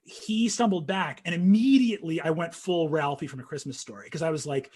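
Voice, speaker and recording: A young man telling a story in casual conversation, animated and full of fillers, acting out what people said. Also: on the high side, normal speed, hardly any pauses, husky. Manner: animated storytelling, acts out quotes, frequent fillers.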